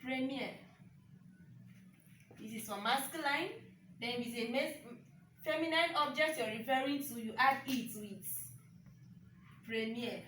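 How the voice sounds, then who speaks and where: A woman teaching a French lesson online, speaking slowly and repeating words, often checking in with "okay?". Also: high-pitched, a bit bright, reverberant, distant mic, slight background noise, rough recording. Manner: slow and repetitive, checks in with "okay?".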